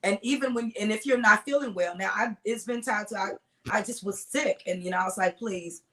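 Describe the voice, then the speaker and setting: Middle-aged lady singer chatting, lively storyteller, doing all the voices. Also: medium pitch, fairly quick. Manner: animated storyteller acting out voices. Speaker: guest singer. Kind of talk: casual interview storytelling.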